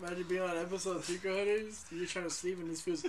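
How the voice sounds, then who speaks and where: A man's voice: high voice, steady tone, very fast, a little hiss or hum. A man co-hosting a casual podcast chat, teasing his friends in profane banter. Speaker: podcast co-host.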